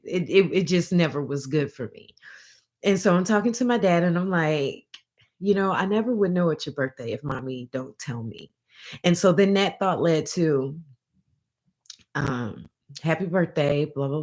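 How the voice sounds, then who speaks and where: A woman vlogger telling a personal story in a rambling, emotional way, often restarting and calling her viewers y'all. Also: low voice.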